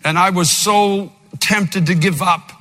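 A man's voice: fairly even intonation, slow. Fervent older male preacher in a reverberant hall. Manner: fervent preaching, by turns shouting and dropping low, with storytelling asides. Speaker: pastor. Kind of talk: impassioned sermon. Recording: long reverb of a big hall, faint music.

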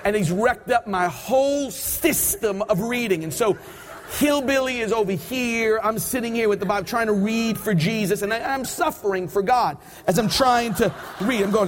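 Animated preacher man in reverberant hall. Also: sits high, moderate pace, slight background noise. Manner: animated storytelling, acts out his own thoughts. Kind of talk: sermon with personal story. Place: church service.

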